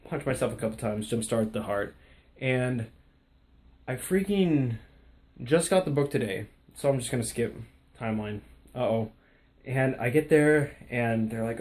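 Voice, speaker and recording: Excitable young man vlogging. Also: medium pitch, moderate pace. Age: young adult. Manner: excitable, rambling storyteller. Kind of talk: casual vlog chat.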